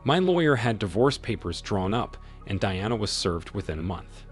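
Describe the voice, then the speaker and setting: A man narrating a dramatic first-person story in an expressive storytelling manner. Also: fairly low pitch, normal speed. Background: faint music.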